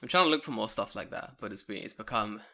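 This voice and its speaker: A podcast host in Japan chats casually while tipsy, swearing, laughing, and rambling after drinking. He talks fast with a voice on the low side and a sharp tone.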